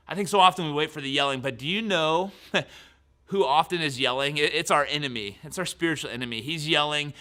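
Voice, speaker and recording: A man in his thirties preaching a sermon as pastor, lively, then dropping his voice to near whispers. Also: on the high side, normal speed. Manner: animated preaching that drops to soft whispers.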